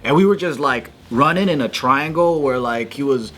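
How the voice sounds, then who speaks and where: A man co-hosting a casual podcast, telling a story in an animated way, swearing freely and acting out the shouts. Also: mid-range voice, normal speed. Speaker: podcast co-host.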